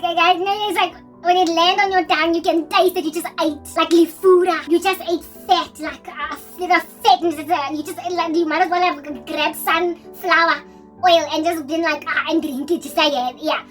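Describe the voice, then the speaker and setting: A young South African woman with a South African accent, rambling through an animated, casual story and mixing in local words. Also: high voice, recorded from a distance. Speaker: Christian vlogger.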